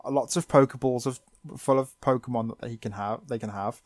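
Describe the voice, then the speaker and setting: A man co-hosting a podcast, sarcastically recapping a cartoon episode in animated storytelling. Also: medium pitch, normal speed, dry recording, clean studio sound. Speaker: podcast co-host.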